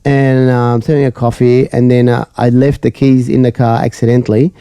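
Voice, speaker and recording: A man's voice: mid-range voice, little pitch movement, normal speed, mellow, clean tone, no room sound. A man as a podcast guest, telling a funny anecdote casually and laughing often as he goes. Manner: acts out other people's lines in the story. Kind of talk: casual storytelling chat.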